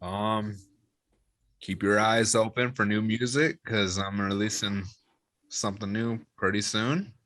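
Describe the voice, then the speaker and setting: A man's voice: lowish voice, unhurried, dry recording. A young man, a musician guest, casually telling a rowdy drinking story, swearing freely and acting out the people he quotes. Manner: swearing, lively retelling with quoted voices.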